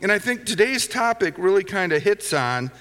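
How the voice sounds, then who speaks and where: A man's voice: high voice, big pitch swings, moderate pace, bright, forceful tone. A middle-aged male pastor preaching a conversational sermon, telling anecdotes with chuckling asides. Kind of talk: sermon with storytelling. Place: church sanctuary. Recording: long hall reverb.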